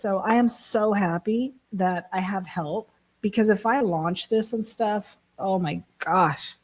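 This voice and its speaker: Chatty, breathy woman from Germany. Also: mid-range voice, slow, a little mellow, rough recording. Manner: chatty, laughs often, self-mocking. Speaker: vlogger, app builder. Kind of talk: casual chat to camera.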